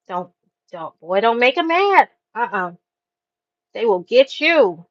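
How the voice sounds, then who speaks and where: A woman with a slightly high voice hosts a casual chat, telling stories with animated slang. The sound is dry and a little dull, as if from a lo-fi setup. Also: unhurried, no room sound.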